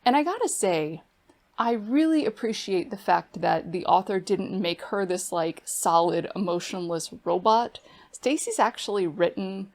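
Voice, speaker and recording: A woman's voice: medium pitch, expressive, measured pace. A woman book reviewer giving a casual, chatty plot recap full of fillers. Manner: chatty, filler-heavy retelling.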